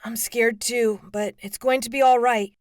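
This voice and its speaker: A woman's voice: on the high side, steady tone, normal speed, dry recording, studio quality, voice pushed up, natural voice. A woman voicing a teenage boy who gives urgent, commanding instructions over the phone.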